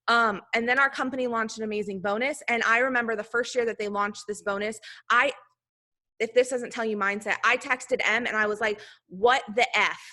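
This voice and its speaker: A woman leads her sales team through a talkative motivational speech, leaning heavily on "like" and drifting into loose asides. Her voice is fairly high, bright, and forceful.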